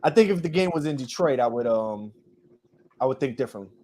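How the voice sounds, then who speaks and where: A man's voice: mid-range voice, expressive, quick pace, a little mellow, slight background noise. A man co-hosting a sports podcast, chatting casually about football picks, rambling with frequent restarts. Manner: rambling, restarts often, trails off with ums. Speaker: podcast co-host.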